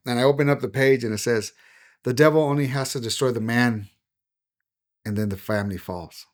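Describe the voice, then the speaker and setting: A middle-aged man, a pastor, giving a personal testimony in conversation, earnest and emotional, dropping to a hush on painful moments. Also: medium pitch, brisk. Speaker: pastor and podcast guest.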